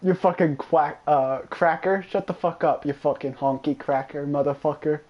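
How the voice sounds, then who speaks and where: A man's voice: fairly high pitch, moderate pace, dull audio. A man streaming a video game, chatting casually and trash-talking a friend with lots of swearing. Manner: profane, excitable trash-talk. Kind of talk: casual gameplay commentary.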